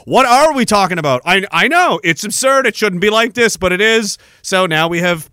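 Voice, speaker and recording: A man's voice: high voice, lively intonation, normal speed, bright, forceful tone, smooth, no echo, studio quality. A man hosting a podcast, ranting sarcastically and with a lot of profanity while reading out messages. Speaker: podcast host.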